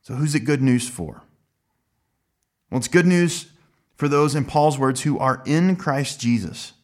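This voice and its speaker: A man preaching a sermon in an earnest, emphatic way, slowing down to stress key words. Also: mid-range voice, a little mellow. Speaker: pastor.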